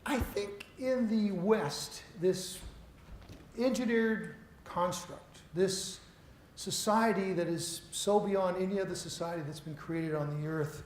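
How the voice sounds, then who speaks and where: A middle-aged man delivers a conference keynote in a roomy lecture hall, with faint noise behind him. His voice sits a little high for a man, and he talks in a loose, storytelling way that pokes fun at himself. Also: slow. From Seattle. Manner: conversational, self-deprecating storyteller. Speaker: keynote speaker.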